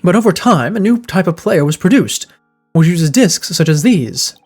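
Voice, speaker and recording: A man reading aloud the lines of an eccentric, self-assured gentleman detective in a grandiose, wordy manner, with faint game music behind. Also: sits high, expressive, normal speed, husky, exaggerated voice. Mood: lofty.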